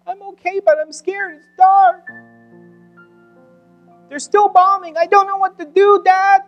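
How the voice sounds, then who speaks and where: Guy doing a terrified little kid crying for his dad, high squeaky and loud. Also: fairly even intonation, racing, muffled recording, faint music behind. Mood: scared, pleading. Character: frightened little boy, about five. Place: church sanctuary.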